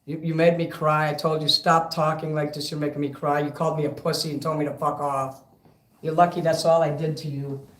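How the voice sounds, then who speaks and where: A man's voice: fairly high pitch, little pitch movement, brisk, fairly bright tone, a little hiss or hum. A man ranting profanely and rambling in a casual livestream between karaoke songs. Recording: echoey room over karaoke backing music.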